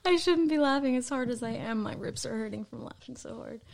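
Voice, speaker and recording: A woman's voice: fairly high pitch, fairly quick, gravelly, noisy background. A woman co-hosting a podcast, reacting to her partner in giggly, casual chat. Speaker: podcast co-host.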